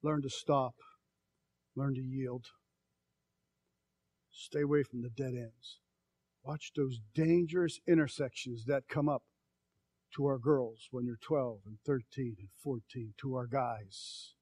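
A middle-aged male pastor preaching a sermon in a folksy, storytelling way, moving from soft, slow, hushed passages to loud, emphatic calls. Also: medium pitch, steady tone, breathy edge, dry recording. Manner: folksy, tells personal stories.

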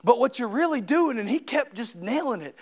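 High-voiced impassioned male preacher. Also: very animated, brisk. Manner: impassioned, swings from quiet to shouting. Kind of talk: sermon.

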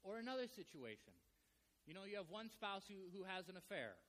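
A man delivers a sermon in a conversational, animated way, often slipping into storytelling. His voice sits a little high for a man. The big hall's long reverb trails after each phrase. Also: a little fast. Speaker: pastor. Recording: long reverb of a large hall.

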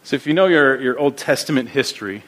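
In a mid-range voice, a pastor earnestly preaches his sermon. Repetition of words drives his points forward, and he slows noticeably when reading scripture quotes.

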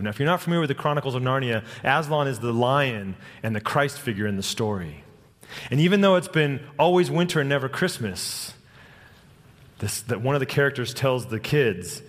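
A middle-aged man preaching a sermon, telling personal stories in an earnest way and slowing down for dramatic lines. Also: lowish voice, lively intonation. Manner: earnest, personal storytelling with dramatic slow-downs. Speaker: pastor. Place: church sanctuary. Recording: long hall reverb.

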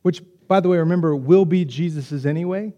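A man preaching a sermon as the pastor, in a conversational, animated way with quick acted asides. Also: on the high side, in a large hall.

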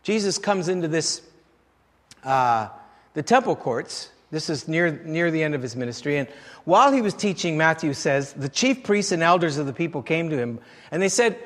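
A man's voice: a little high, very animated, normal speed, a bit bright, long reverb tail. A man preaching a sermon in a conversational way, putting rhetorical questions to the congregation. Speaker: pastor.

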